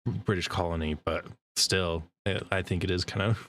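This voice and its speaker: A man hosting a casual interview chat, chatty and quick to laugh, speeding up as he tells stories. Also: deep voice, steady tone, fairly bright tone. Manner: chatty, laughs easily, speeds up when storytelling. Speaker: podcast host and voice actor.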